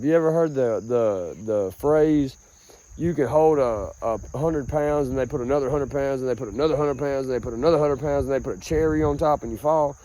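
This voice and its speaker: A man's voice: fairly high pitch, dark tone, dry recording. A young man, rambling and swearing as he talks outdoors, calling the listener bro. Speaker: vlogger. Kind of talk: rambling outdoor vlog monologue. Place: outdoors in a rural grassy field.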